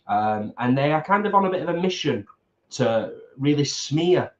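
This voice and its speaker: A man's voice: a little high, expressive. Earnest man in a roomy room. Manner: earnest, deliberate, repeats himself for emphasis. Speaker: co-host. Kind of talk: casual mukbang chat. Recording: roomy, slightly dull home recording.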